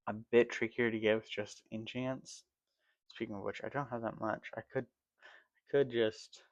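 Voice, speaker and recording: A man's voice: lowish voice, creaky, no room sound, muffled recording. A man casually rambling through gameplay commentary for his channel, yawning and correcting himself as he talks, sleepy with a dry mouth. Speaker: gaming channel host.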